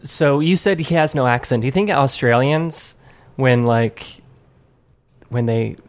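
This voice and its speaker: A man co-hosting a casual chat, rambling and halting but good-natured. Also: medium pitch. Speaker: podcast co-host.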